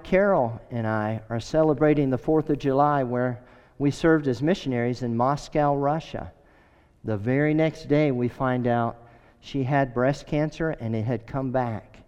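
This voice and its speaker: A middle-aged man preaching a sermon with earnest, emphatic storytelling and a smooth, resonant voice. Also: mid-range voice, darkish tone. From United States. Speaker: pastor. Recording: echoey hall, dull sound.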